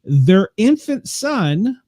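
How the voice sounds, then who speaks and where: A man's voice: high-pitched, sing-song, drawn-out words, warm tone, dry recording, studio quality. An older man hosting a chat show, telling rambling stories and laughing often. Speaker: podcast host. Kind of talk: casual chat.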